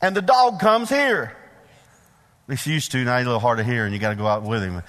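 A middle-aged male preacher giving a sermon in a church, folksy and animated, putting questions to the congregation. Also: mid-range voice, fast. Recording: long hall reverb.

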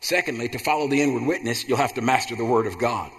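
A man's voice: mid-range voice, fast, breathy edge. A man preaching a sermon in a repetitive, rhythmic cadence that builds to emphatic bursts. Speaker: pastor. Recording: long hall reverb.

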